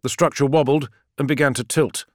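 A man reading a science-fiction audiobook as narrator, with measured, expressive storytelling. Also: medium pitch, dry recording, clean studio sound.

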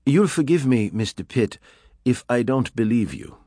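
A man's voice: mid-range voice, expressive, moderate pace, warm tone, no echo, studio quality, pitched above the performer's own voice, lightly acted. A man reading an audiobook, voicing a suave, threatening male villain who gives orders in a raised, clipped voice. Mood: menacing. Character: smooth menacing male villain, commanding.

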